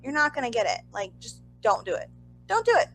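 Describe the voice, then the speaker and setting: A young woman chatting on a podcast as co-host, her voice high and bright. She tells a story with big swings in pitch and throws in exasperated asides. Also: big pitch swings, brisk, a little hiss or hum, rough recording. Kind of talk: casual podcast chat.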